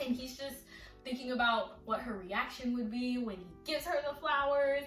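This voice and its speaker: A woman excitedly reviewing a manga volume in a casual vlog, retelling scenes with acted-out lines. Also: high-pitched, moderate pace. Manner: animated, dramatic retelling with acted-out quotes. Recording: echoey room, slightly distant mic, faint music.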